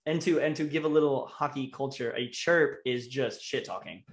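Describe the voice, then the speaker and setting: A man's voice: mid-range voice, normal speed, echoey room. A young man chatting casually on a podcast, rambling with many fillers and restarts. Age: young adult. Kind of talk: casual chat.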